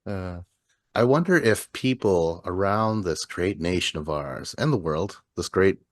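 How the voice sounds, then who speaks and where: A man's voice: low voice, animated, unhurried, no echo, clean studio sound. A man with a Wisconsin accent chatting casually on a podcast, rambling, laughing easily and trailing off mid-thought. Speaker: podcast co-host. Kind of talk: casual chat.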